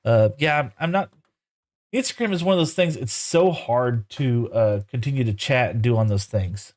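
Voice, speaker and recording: A man's voice: mid-range voice, normal speed, darkish tone. A man live-streaming a game, chatting casually with viewers and coaxing his in-game horses in playful broken talk.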